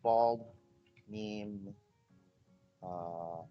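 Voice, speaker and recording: A man's voice: lowish voice, very slow, lo-fi sound, soft background music. A man hosting a casual livestream, chatting with viewers and ranting with jokes and mocking voices. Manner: animated, joking rants with mocking voices. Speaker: livestream host.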